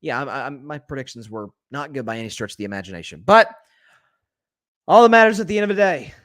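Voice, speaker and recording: A man's voice: mid-range voice, animated, quick pace, fairly bright tone, dry recording, studio quality. A man hosting a solo sports talk show, opinionated and conversational, often restarting his sentences. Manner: conversational, frequent restarts and stammers, opinionated predictions. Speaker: sports podcast host.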